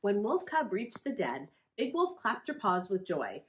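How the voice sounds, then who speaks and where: A woman, a children's librarian, reading a picture book aloud to children in a friendly, expressive storytelling manner. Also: medium pitch, unhurried, hardly any pauses.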